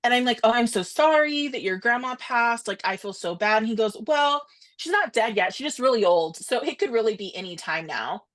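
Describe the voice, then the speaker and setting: A young woman co-hosting a podcast speaks in a voice on the high side, animatedly telling a story in casual conversation with quick asides quoting other people.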